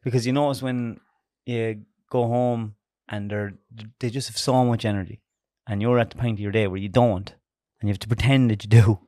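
A man's voice: mid-range voice, fairly even intonation, normal speed, few pauses, dark tone, dry recording, clean studio sound. An Irish man in his thirties hosting a podcast, teasing his guests with questions and laughing a lot. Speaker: podcast host. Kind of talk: casual podcast chat.

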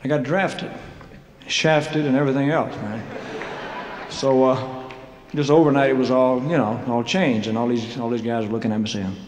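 Through a stage microphone in a large showroom, a man singing live tells meandering stories that poke fun at himself, chuckling between phrases and clearing his throat. He speaks at a normal speed in a mid-range voice. The concert recording has an echoey hall sound and a little background noise.

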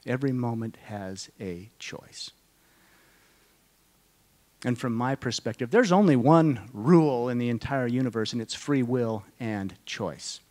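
Man telling an emotional story, slow and hushed. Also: mid-range voice, animated. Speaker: conference speaker. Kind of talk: personal testimony talk to an audience. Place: conference hall.

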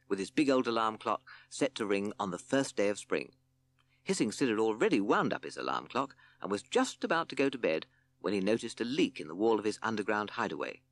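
A man narrating a children's storybook with expressive, playful storytelling. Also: lowish voice, brisk.

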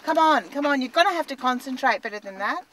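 A woman's voice: sits high, animated, fast talker, background noise. An Australian woman in a car, talking in an anxious, exasperated, self-mocking comic monologue. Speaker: columnist.

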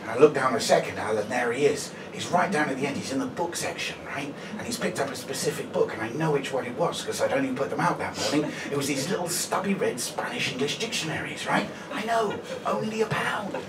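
A man's voice: medium pitch, animated, fast talker, few pauses, echoey room, background noise. A man in his forties doing stand-up, chatty and self-deprecating, telling a story with lots of "right?". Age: 40s. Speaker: stand-up comedian. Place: comedy venue stage. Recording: live room, mic at a distance, loud audience.

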